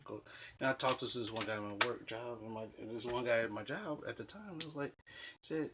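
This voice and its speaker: A man telling personal dating stories in a casual, animated, rambling way, swearing freely and restarting sentences. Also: medium pitch, brisk, slight background noise. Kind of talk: casual storytelling.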